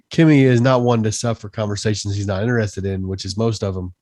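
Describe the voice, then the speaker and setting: A man's voice: lowish voice, fairly quick, dry recording, studio quality. A man co-hosting a veterans' podcast, recalling a patrol story in an easygoing way and laughing as he tells it. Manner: relaxed storyteller, laughs at his own tale. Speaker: podcast co-host. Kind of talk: casual veterans' podcast chat.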